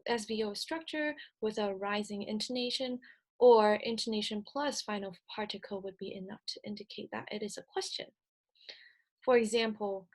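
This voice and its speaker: A young woman delivers a recorded slide lecture in a slightly higher voice. She explains each point carefully and methodically, pausing on ums and correcting herself mid-phrase. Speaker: speech-language presenter.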